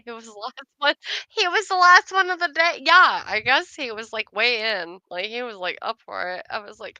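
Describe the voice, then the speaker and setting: A woman's voice: on the high side, animated, normal speed, bright, forceful tone, no echo. A young woman casually telling a funny work story to her sister, laughing often and saying "like" a lot. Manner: chatty, many fillers like "like". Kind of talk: casual chat.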